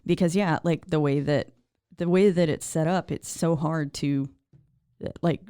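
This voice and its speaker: A woman co-hosting a podcast, casually and excitedly recapping a horror film, swearing freely and acting out quotes. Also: deep voice, a little slow, smooth, dry recording, clean studio sound. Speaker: podcast co-host.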